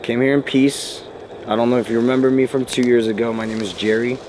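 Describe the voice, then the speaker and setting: A man investigating the paranormal who calls out to a spirit with gentle, coaxing questions inside an old inn at night. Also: mid-range voice, level tone, fast, slight background noise, rough recording. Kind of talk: calling out to a spirit.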